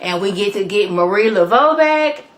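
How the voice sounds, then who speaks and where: A woman's voice: mid-range voice, animated, moderate pace. A woman recapping a TV episode in a casual vlog, chatty and full of slang and playful asides. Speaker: TV show reviewer.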